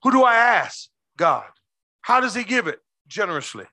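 A man preaching a sermon as pastor, quizzing his congregation with quick questions and slowing down hard to stress key words. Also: sits high, very animated, bright, forceful tone, no echo. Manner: call-and-response questions to the congregation.

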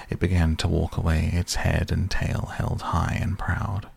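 A man reading a storybook aloud as narrator, in a slow, measured way. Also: deep voice, completely flat delivery, vocal fry, husky, no room sound. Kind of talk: audiobook reading.

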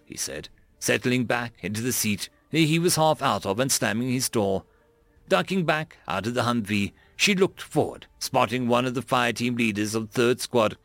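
A man reading military fiction as an audiobook narrator, in a lively, dramatic style. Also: mid-range voice, moderate pace, no room sound.

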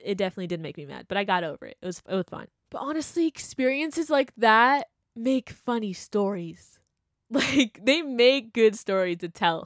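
A young woman telling a story in casual chat, animated and full of fillers, acting out what people said. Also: a little high, no echo, clean studio sound. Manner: animated, chatty, full of "like" and laughter, acts out quotes. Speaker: vlogger.

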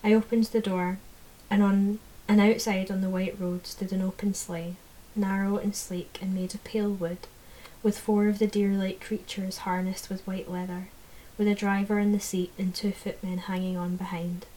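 A woman narrating a fantasy audiobook in the first person, in a measured, low-key way. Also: flat delivery, dark tone, poor audio.

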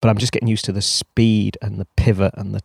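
A man's voice: fairly low pitch, level tone, quick pace, creaky, breathy edge, no room sound, studio quality. A man co-hosting a podcast in casual chat, thinking aloud in a reflective way. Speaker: podcast co-host.

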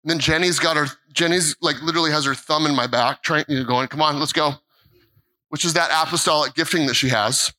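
An American man in mid-life preaches from a church platform, his voice ringing and brightly forceful. He sits a touch high for a man and tells his story in emphatic bursts, stumbling over restarts and repeating lines for weight. He acts out the dialogue as he goes. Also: fast talker, hardly any pauses, rough recording. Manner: animated storytelling with repeated phrases and quoted dialogue. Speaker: pastor. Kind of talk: sermon. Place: church sanctuary.

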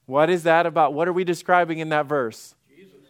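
Middle-aged pastor guy preaching, acts out the bible stories, asks the crowd stuff, smooth voice. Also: on the high side, fairly quick. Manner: animated, acts out Bible scenes and asks the congregation questions. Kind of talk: interactive sermon.

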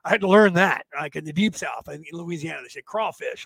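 This livestream host from California has a slightly high, gravelly, somewhat bright voice with a rough edge, and he speaks briskly and animatedly. Reading chat, he talks to viewers in a folksy, rambling way, often adding "right?" at the end of sentences.

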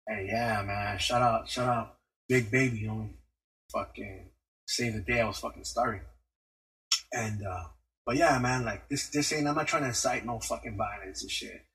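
A man's voice: fairly low pitch, normal speed, fairly bright tone, breathy edge, rough recording. A man telling a story in a casual podcast rant, heavy on slang and cursing. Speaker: podcast host.

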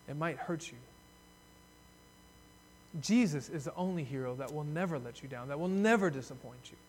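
An earnest male pastor preaching a sermon with a high-pitched voice. He swells loud and high when he voices a desperate plea, then sinks soft and low to reflect. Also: slight background noise.

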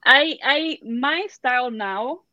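A woman's voice: sits high, slow pace, pushed and bright, dry recording. A woman guest, an artist, chats easily on a podcast and laughs readily. Her voice comes through dry and a little dull and lo-fi. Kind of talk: casual chat.

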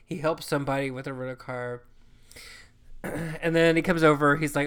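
Smooth-voiced storyteller, profane and chatty. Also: medium pitch, normal speed, a bit bright. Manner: profane, chatty, acts out quoted lines. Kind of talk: casual storytelling chat.

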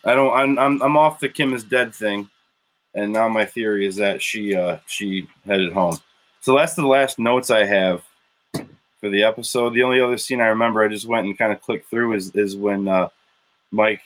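A man's voice: lowish voice, fairly bright tone. A man from Illinois, co-hosting a casual podcast chat about a TV show and rambling as he tells stories. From Wilmington, Illinois, USA. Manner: rambling, repeats himself while telling stories. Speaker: podcast co-host.

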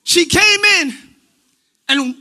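High, bright-voiced preaching man. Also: slow. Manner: preaching with shouted, animated emphasis. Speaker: pastor. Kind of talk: sermon. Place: church sanctuary.

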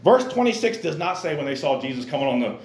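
Animated preacher man with a lively voice. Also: a little high, quick pace, echoey room. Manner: animated, acts out characters in exaggerated voices; casual, youthful slang. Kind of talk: lively sermon. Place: church.

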